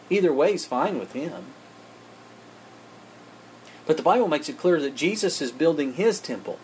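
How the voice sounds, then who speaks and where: A man's voice: fairly high pitch, a little mellow, slight background noise. Emphatic man preaching a sermon. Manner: emphatic, addresses listeners as friends.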